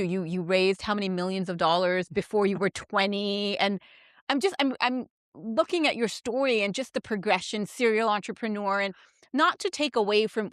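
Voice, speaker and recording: Woman, podcast host, interviewer, quick playful asides, mid pitch, dry close mic. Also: fairly bright tone, no room sound.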